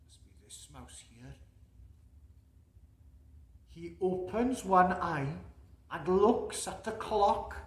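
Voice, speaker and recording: A man playing a jolly, slow-reading Santa Claus. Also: high voice. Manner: chuckling, chatty asides to young listeners. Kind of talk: storybook reading to children. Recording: echoey room.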